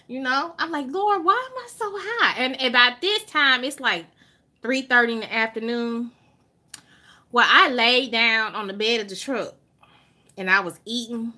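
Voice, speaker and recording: Speaking in a high-pitched Southern voice, this woman from Alabama animatedly recounts a story for her vlog audience. She draws words out to stress them and swears without holding back.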